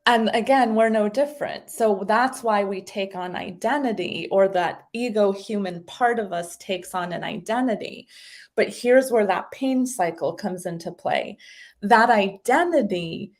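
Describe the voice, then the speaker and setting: A woman of middling pitch explains her ideas in a loose, conversational way. She is animated and keeps slipping into little acted-out voices as she tells stories. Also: measured pace. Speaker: guest speaker explaining identity.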